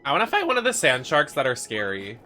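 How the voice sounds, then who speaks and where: A man's voice: medium pitch, wildly swooping pitch, fast, background noise. A man streaming a video game, chatting with campy, dramatic outbursts and frequent laughter. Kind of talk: livestream gameplay commentary.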